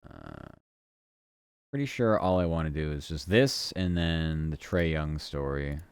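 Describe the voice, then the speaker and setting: Low-voiced guy mumbling to himself on a work stream, smooth clear voice. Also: big pitch swings, unhurried. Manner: muttering to himself while working, scattered fillers. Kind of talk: casual work stream chat.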